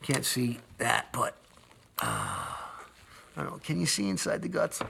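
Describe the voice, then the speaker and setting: A man's voice: fairly low pitch, huge pitch swings, a little slow, creaky, bright, forceful tone, slight background noise. A man casually walking viewers through a wiring job, rambling, repeating words and cursing when annoyed. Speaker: video host demonstrating an install. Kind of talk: casual how-to walkthrough.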